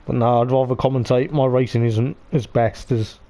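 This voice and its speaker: Excitable man commentating a sim race. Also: medium pitch, normal speed, hardly any pauses. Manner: excitable, repeats "I tell you what", laughs often. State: voice going hoarse. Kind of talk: live sim-racing commentary.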